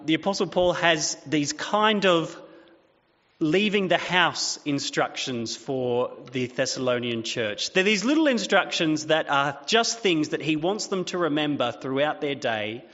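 Male pastor, 30s, relaxed anecdotal sermon delivery; muffled recording with big hall reverb. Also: a little high, a little slow. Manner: chatty, self-deprecating storytelling with fillers. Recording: dull sound with long hall reverb.

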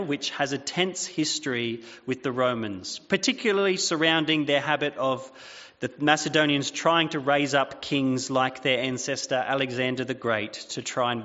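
Male pastor, 30s, relaxed anecdotal sermon delivery; muffled recording with big hall reverb. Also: mid-range voice. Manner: chatty, self-deprecating storytelling with fillers. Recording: dull sound with long hall reverb.

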